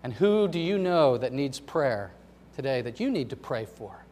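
A middle-aged man, a pastor, preaching a sermon in a storytelling way, swinging between loud emphasis and soft asides. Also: medium pitch, big pitch swings, normal speed. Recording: long hall reverb.

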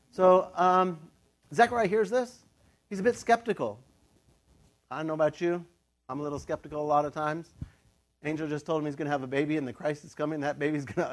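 A middle-aged pastor tells a scripture story in a casual, chatty sermon. His voice sits a little high for a man, and he slips into playful quoted voices. He laughs often along the way.

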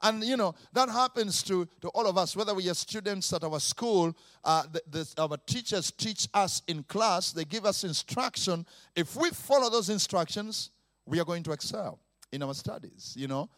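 Animated high-voiced male preacher. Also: dry recording, clean studio sound. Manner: animated, mimics sounds, laughs often, drawn-out repetitions. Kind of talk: lively sermon.

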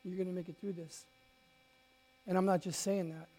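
A male pastor preaching to a congregation in a storytelling way. His voice climbs loud and bright in excited moments, then drops to a near hush, with many stumbles and restarts. A faint mains hum sits under the recording. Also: high-pitched, normal speed. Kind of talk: sermon.

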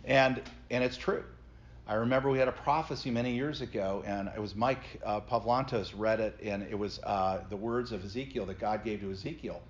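A middle-aged pastor leads a Bible study class, earnestly explaining scripture to his group in a lowish voice with fairly even intonation and a brisk pace. The lo-fi recording sounds slightly dull, with a little background noise.

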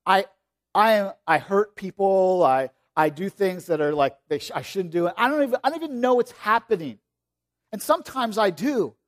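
A man preaching a sermon in a conversational way, often restarting his sentences and swinging between loud, stressed phrases and quiet, low ones. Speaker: pastor.

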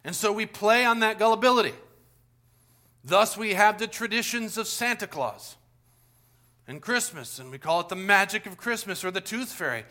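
A bright, high-voiced man in his forties preaching a relaxed sermon in a church. He tells stories from his family life and acts out every voice in them, jumping high with excitement and dropping low and quiet for asides. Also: normal speed. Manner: animated storytelling, acts out voices with big pitch swings. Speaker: pastor. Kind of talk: conversational sermon.

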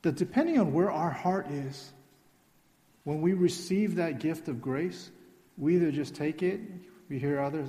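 Mellow-voiced male pastor in a hall. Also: on the high side, measured pace. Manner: earnest, drops to soft tones for emphasis. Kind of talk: sermon. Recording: long reverb of a hall.

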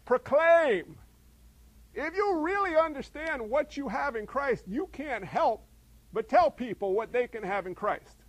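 A man's voice: very high voice, expressive, measured pace, no room sound, rough recording. A middle-aged male pastor preaching a sermon in a conversational way, firing off rhetorical questions.

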